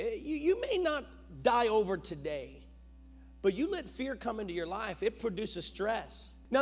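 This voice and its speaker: A middle-aged male pastor preaching a sermon, moving from loud urgent bursts to low, quiet asides.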